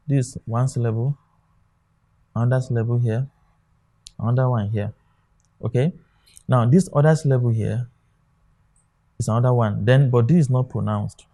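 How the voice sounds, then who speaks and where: A man gives an exam lesson in a mellow, warm voice. He walks through examples on a board, stopping often to say "okay" and check that students follow. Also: mid-range voice. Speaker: exam tutor. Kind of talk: classroom lecture.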